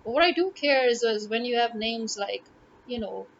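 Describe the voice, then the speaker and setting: A woman's voice: on the high side, lively intonation, normal speed, vocal fry. A woman from Pakistan with a Pakistani English accent, talking casually to camera, exasperated and firing rhetorical questions. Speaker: vlogger. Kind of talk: casual opinion monologue. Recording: dull lo-fi audio with faint noise.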